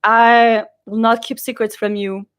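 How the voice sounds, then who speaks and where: A young woman vlogger chatting casually, telling animated stories full of quoted voices. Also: on the high side, a little slow, clear, resonant tone. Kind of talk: casual chat.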